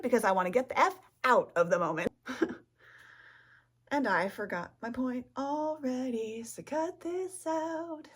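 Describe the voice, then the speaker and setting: A woman's voice: on the high side, animated, measured pace, husky, no room sound. A woman vlogger chatting casually outdoors, rambling, giggling and tripping over her words. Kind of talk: rambling casual vlog talk.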